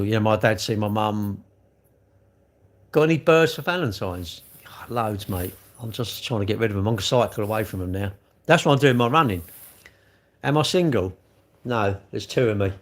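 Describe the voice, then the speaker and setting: A middle-aged man talks loosely through a livestream, answering viewers as their comments come in. He rambles from one thought to the next and keeps tacking tag questions onto the ends of his sentences. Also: medium pitch. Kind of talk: casual live chat answering viewer comments.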